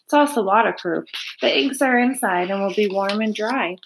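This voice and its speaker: A woman voicing a wise, aging female spider who speaks softly and sadly. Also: medium pitch, normal speed, a little hiss or hum, lightly acted. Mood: weary, tender.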